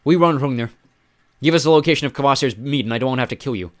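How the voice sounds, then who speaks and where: A man's voice: fairly high pitch, sing-song, normal speed, pitched above the performer's own voice. A man voicing a disciplined young male soldier who speaks in a firm, clipped way.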